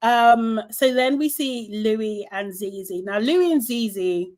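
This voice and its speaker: A woman's voice: fairly high pitch, slow, darkish tone. A woman co-hosting a podcast, recapping a reality show in casual chat and acting out quotes with lots of laughter. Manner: chatty, laughs often, acts out quotes. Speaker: podcast co-host.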